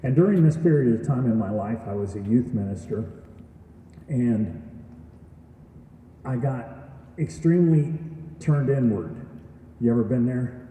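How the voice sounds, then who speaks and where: A man's voice: mid-range voice, expressive, measured pace, long pauses, warm tone, distant mic. Man telling his story in an echoey hall. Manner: earnest storytelling, addresses audience with questions. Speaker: graduation speaker. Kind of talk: testimonial speech. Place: event hall.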